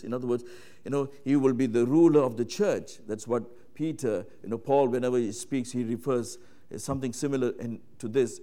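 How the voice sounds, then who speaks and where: A man preaching a sermon, emphatic and repetitive, rising to loud exclamations and dropping to hushed passages, calling his listeners friends. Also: mid-range voice, brisk. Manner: repeats phrases, addresses listeners as friends.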